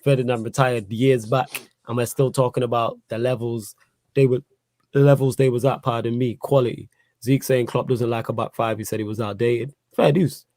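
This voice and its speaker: A man's voice: mid-range voice, steady tone, normal speed, darkish tone, no echo. A man hosting a casual sports chat, laid-back and slangy as he reads viewer questions. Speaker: host.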